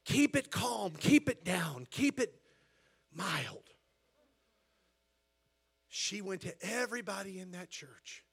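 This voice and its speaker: A man preaching a sermon as pastor, with an American accent, telling a story quietly and then rising to loud, shouted preaching in a church. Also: high voice, expressive, slow, gravelly, long pauses, slightly rough. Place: church sanctuary.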